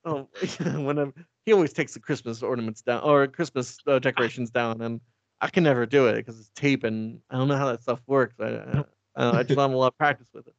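A man's voice: mid-range voice, steady tone, fast talker, gravelly, no room sound, muffled recording. Laughing, swearing man in casual chat. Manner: laughs often, swears, acts out characters' lines. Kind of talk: casual comedic chat recapping a show.

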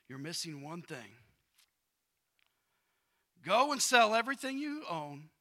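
A man preaching with a bright, forceful voice that sits a bit high for a man. He swings between loud, pressing bursts and hushed asides as he reads scripture and talks to his congregation in a casual way. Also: gravelly. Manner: casual slang and repetition. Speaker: pastor. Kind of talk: sermon.

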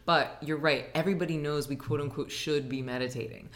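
A woman who teaches meditation, talking as a guest on an interview show in a dining room, animated and acting out little quotes as she explains. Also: low voice, fairly quick. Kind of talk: casual interview chat.

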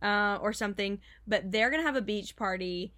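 A woman's voice: medium pitch, moderate pace, bright, forceful tone. Woman, casual improvised storytelling, chatty, filler-heavy, giggly.

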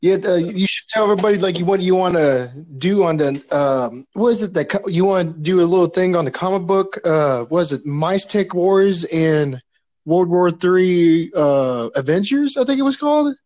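A man in casual chat, rambling quickly with lots of fillers. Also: sits high, animated, darkish tone.

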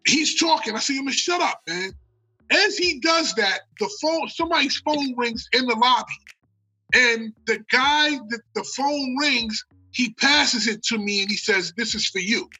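An American man telling a long story in casual talk. He is animated and profane, and he acts out the quotes. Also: very high-pitched, unhurried, husky, low-quality recording. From United States. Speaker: guest storyteller.

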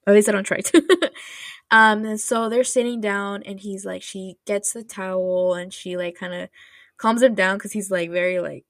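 Gravelly-voiced woman chatting casually. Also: medium pitch, steady tone, normal speed, no echo, clean studio sound. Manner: rambling, filler-heavy, laughs often. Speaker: podcast host. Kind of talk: casual chatty drama recap.

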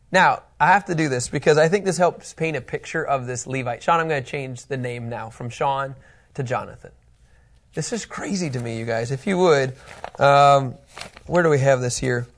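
A middle-aged man teaches a Bible study lesson in a creaky, fairly high voice at a moderate pace. He keeps it conversational, animated, and full of jokes.

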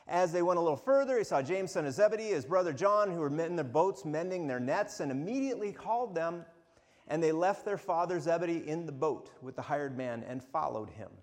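A man preaching a sermon as pastor, animated and often restarting or repeating words as he goes. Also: a little high. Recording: long hall reverb.

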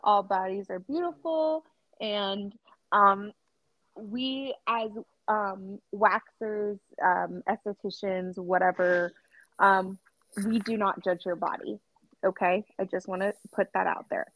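A young woman telling a work story on a podcast, animated, laughing and acting out quotes with lots of fillers. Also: medium pitch, slow, dry recording. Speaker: podcast co-host. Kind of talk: casual storytelling chat. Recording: slightly dull dry sound.

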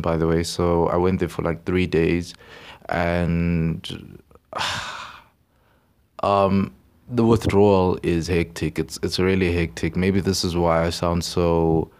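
Young guy, podcast host, very low voice, rambling and excitable. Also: takes it slowly. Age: young adult. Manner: rambling, excitable, repeats words. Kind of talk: casual podcast monologue.

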